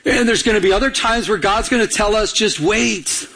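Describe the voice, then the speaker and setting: A pastor preaches urgently in a high, steady, fast and slightly bright voice, spurring his congregation on, repeating words for emphasis and asking call-and-response questions so they finish his lines. The audio quality is poor.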